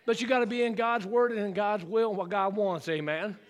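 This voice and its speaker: A male pastor preaching a fervent sermon to his church. He calls for congregational responses and rises into shouted exclamations. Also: high-pitched, fairly even intonation, a little fast, lo-fi sound. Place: church sanctuary.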